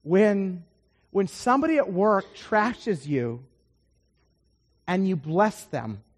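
A man preaching a sermon, telling a story with lively swings between loud emphasis and quiet asides. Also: high voice, takes it slowly, in a large hall.

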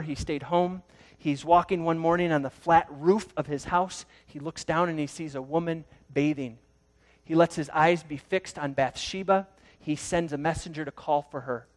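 A man preaching a sermon, telling a story dramatically and swinging between loud bursts and hushed moments. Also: on the high side. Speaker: pastor.

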